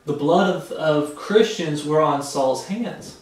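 Man, preacher, reads scripture then explains it casually, fairly high voice, very echoey room, distant mic. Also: takes it slowly, hardly any pauses, darkish tone. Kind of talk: sermon Bible study.

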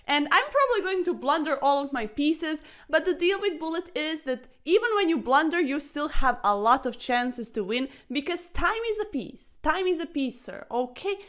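A woman chess streamer giving casual, excitable commentary over fast games, chatty and a little breathless, tacking "sir" onto her sentences. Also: sits high. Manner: excitable, chatty, keeps saying "sir", laughs often.

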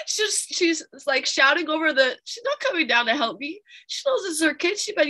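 A young woman teaching a Bible study, telling a testimony in an animated, chatty way with fillers. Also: high voice, moderate pace.

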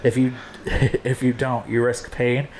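A man's voice: mid-range voice, little pitch movement, slow pace, darkish tone, slight background noise. A man chatting casually on a video, laughing a lot and reading instructions aloud. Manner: giggly, reads instructions aloud. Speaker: video co-host.

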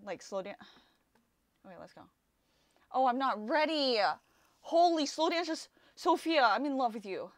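Gushing, excitable woman reacting to music. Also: sits high, moderate pace, long pauses, dry recording. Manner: gushing, excitable, many exclamations and fillers. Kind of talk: casual first-listen reaction.

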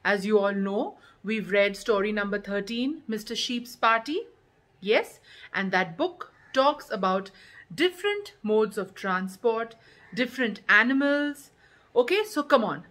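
A woman with an Indian English accent, a kindergarten teacher warmly welcoming children to a lesson in an upbeat, encouraging way. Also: a little high, expressive, takes it slowly. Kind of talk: cheerful class introduction.

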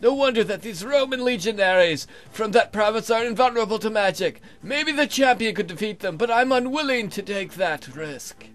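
Man doing a high, hoarse Unseelie spirit. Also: lively intonation, fairly bright tone. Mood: bargaining. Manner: slow, theatrical proclamations. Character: hoarse, slow-speaking male Unseelie spirit in a cloak.

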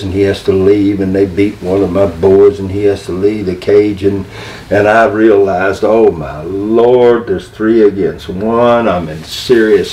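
An older man, a former wrestling manager, telling stories in a career interview, animated and rambling, often breaking into laughter. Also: sits low, distant mic, a little hiss or hum. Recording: roomy echo.

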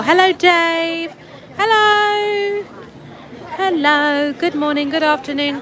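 A woman's voice: high-pitched, a bit bright. A woman hosting a casual outdoor livestream, greeting viewers by name and teasing her co-host. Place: outdoors at a theme park. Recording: outdoor phone stream with crowd noise.

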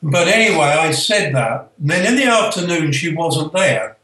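An older man, a spiritual author, telling a personal story in an earnest, halting way with many fillers. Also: on the high side, animated, bright, forceful tone. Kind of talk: storytelling, reflective. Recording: echoey room, distant from the mic.

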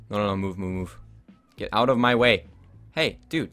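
A man's voice: mid-range voice, moderate pace, faint music behind. A young man commentating his own gameplay, ranting about opponents and swearing often. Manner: ranting, frustrated, swears a lot, yells at opponents. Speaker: gaming YouTuber.

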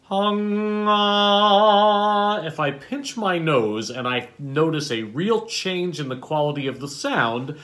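A man teaching a vocal warm-up, coaching between sung syllables. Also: a little high, big pitch swings, unhurried, few pauses. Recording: loud piano behind the voice. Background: piano accompaniment.

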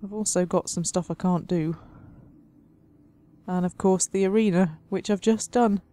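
A woman's voice: fairly low pitch, fairly even intonation, measured pace, dark tone. A woman hosting a let's play, commenting on the game in a playful mock-dramatic way and laughing often. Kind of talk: gameplay commentary.

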